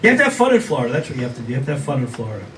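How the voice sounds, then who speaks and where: An older man performing a stand-up comedy set for a live audience, wisecracking and self-deprecating with quick asides to the crowd. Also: medium pitch, big pitch swings. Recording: distant room sound with noticeable background noise.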